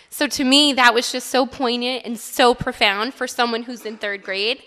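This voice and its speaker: A woman's voice: on the high side, steady tone, moderate pace, hardly any pauses, pushed and bright. A woman teacher speaking at a school board meeting, praising a student and reading her story aloud. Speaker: third grade teacher. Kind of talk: speech at an award ceremony. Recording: reverberant hall.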